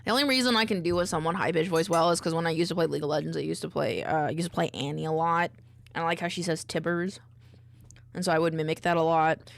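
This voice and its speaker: A woman streamer in a casual, low-key chat, rambling and distracted as she reads chat aloud between tasks. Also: rapid-fire, creaky. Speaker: VTuber streamer.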